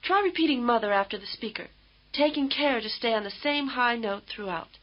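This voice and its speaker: A woman instructor giving measured, patient, scripted explanations in a language lesson. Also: fairly high pitch, expressive. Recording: dull lo-fi old course tape.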